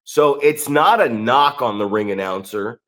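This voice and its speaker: A man's voice: medium pitch, unhurried, fairly bright tone. A middle-aged man, a pro wrestler co-hosting a podcast, talking in a rambling, profane way with frequent restarts. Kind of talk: casual chat.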